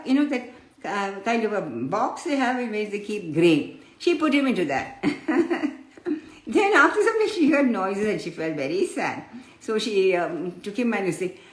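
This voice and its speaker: Female spiritual teacher, patient storyteller who calls listeners her children; higher voice, roomy echo. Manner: addresses listeners fondly as children, explains patiently.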